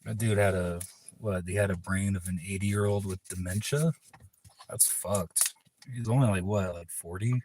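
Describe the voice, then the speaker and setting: A man's voice: low-pitched, moderate pace, background noise. A man hosting a livestream in casual chat, laid-back, rambling and profane. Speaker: livestream host.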